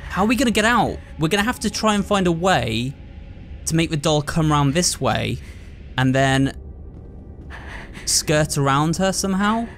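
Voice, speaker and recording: A man's voice: on the high side, lively intonation, normal speed, fairly bright tone, slight background noise. A man commentating on a horror game, frightened and jumpy, talking to his viewers. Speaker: gamer.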